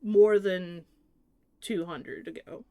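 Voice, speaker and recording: A woman narrates as game master at a slow, deliberate pace. Her voice sounds close and dry, with no room sound. She describes scenes and rules on the players' attempts. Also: on the low side, warm tone, no echo.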